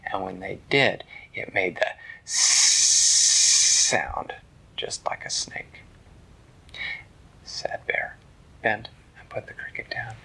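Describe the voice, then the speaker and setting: A man narrating a bedtime story in a hushed, slow, gentle whisper. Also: on the low side, creaky, slightly rough, poor audio.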